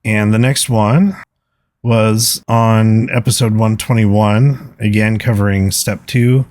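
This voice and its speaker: Male podcast host, lowish voice, earnest and reflective, dry close-mic sound. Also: steady tone, slow pace, a little mellow, no echo. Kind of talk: solo podcast talk, reading listener comments.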